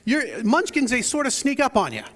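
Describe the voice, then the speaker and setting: Speaking with a very high pitch that swoops wildly, this male pastor talks briskly and with a fairly bright tone. He opens his sermon playfully, bantering with the people in the pews, and the sanctuary gives his voice a big-room sound.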